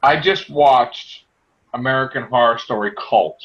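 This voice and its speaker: A man co-hosting a podcast in casual chat, animated and joking, slipping into quoted voices. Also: medium pitch, a little slow, highs cut off. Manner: animated, mimics people in quotes, self-described corny joker. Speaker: podcast co-host.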